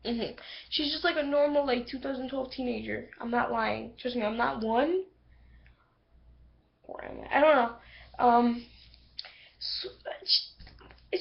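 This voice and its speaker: Woman, high-pitched, gravelly fry, rambling casual review, excitable, muffled lo-fi computer mic. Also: a little hiss or hum. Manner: rambling, filler-heavy, excitable. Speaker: video reviewer. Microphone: computer microphone.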